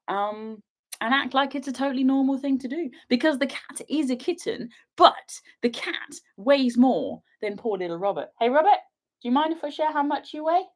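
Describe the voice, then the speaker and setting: A young woman from England chatting bubbly and giggly to her livestream viewers from a sofa at her father's house, a little sniffly from a cat allergy. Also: high voice. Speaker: outdoor vlogger hosting a livestream. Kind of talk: casual livestream chat to viewers.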